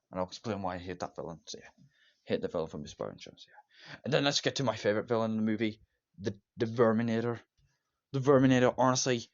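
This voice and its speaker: A man giving a casual, rambling movie review, enthusiastic and repetitive, with many fillers and restarts. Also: medium pitch. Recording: dull lo-fi recording.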